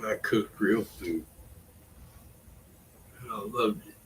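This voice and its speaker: A man's voice: lowish voice, very slow, slight background noise, poor audio. A middle-aged man rambling in a casual vlog, wry and self-deprecating, trailing off between thoughts. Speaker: vlogger.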